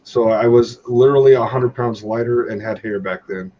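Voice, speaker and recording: A man's voice: mid-range voice, normal speed, muffled recording. A man, a guest comic artist, chatting casually and laughing on a live stream.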